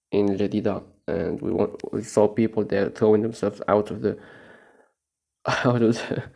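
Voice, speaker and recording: A young man with a low, gravelly voice rambles on in a casual, profane monologue. He is stoned and his tone is mellow and unhurried, broken up by frequent laughs. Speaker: vlogger.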